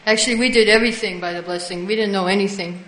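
A woman leads a devotional class, retelling old stories and acting out the quoted dialogue. She answers her listeners as she goes. Her voice sits at an everyday middle pitch and carries a roomy echo. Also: steady tone, fast talker, a bit bright, a little hiss or hum. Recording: echoey room.

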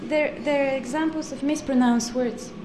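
A Sanskrit pronunciation teacher with a high, light voice leads a live class, patiently correcting students. She repeats words slowly and precisely, drawing out each syllable with care, while steady noise runs underneath the whole recording.

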